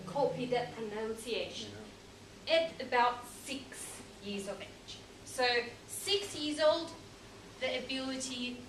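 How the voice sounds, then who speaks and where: A woman's voice: high voice, pushed and bright. A woman teacher giving a presentation, hesitant with many ums and slightly unidiomatic English. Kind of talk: lecture presentation. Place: room or hall with audience. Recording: echoey room from far off with noise.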